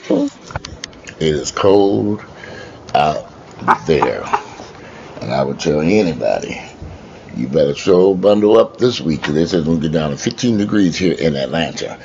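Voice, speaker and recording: A man with an extremely deep, low voice rants bluntly and with plenty of cussing, rambling to his viewers from home. The sound is a bit dull and lo-fi, with a faint hiss of noise behind him. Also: animated, brisk, dark tone. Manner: blunt, profane, ranting. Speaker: vlogger. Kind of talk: rambling casual monologue to viewers. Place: at home indoors.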